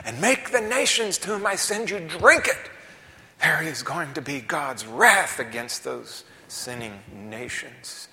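A man preaching a sermon in a church, dramatic, dropping to whispers and rising to loud emphasis. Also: a little high, expressive, slow pace. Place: church sanctuary. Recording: long reverb of a large hall.

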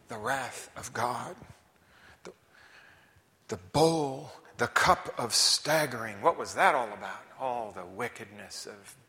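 A man preaching a sermon in a church, dramatic, dropping to whispers and rising to loud emphasis. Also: mid-range voice. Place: church sanctuary. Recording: long reverb of a large hall.

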